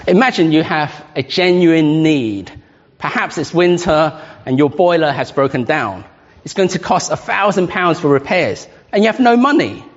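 A man preaching a sermon, slow and emphatic with dramatic pauses and a slightly breathy voice. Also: on the high side. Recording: dull reverberant hall.

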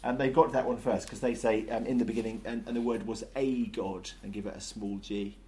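A man leading an interactive Bible study, lively and jokey, asking the group questions. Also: fairly low pitch, fairly quick.

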